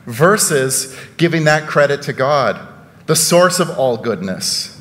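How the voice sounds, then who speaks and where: A man's voice: on the high side, animated, takes it slowly, a bit bright, long reverb tail. A man preaching a sermon in a church, conversational and full of rhetorical questions and sarcastic asides. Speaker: pastor.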